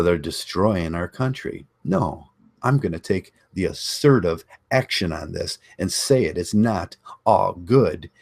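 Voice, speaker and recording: A man's voice: low voice, gravelly, slightly rough. A man hosting his own channel, delivering a blunt, combative monologue and repeating lines for emphasis. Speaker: online channel host. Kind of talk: ranting monologue.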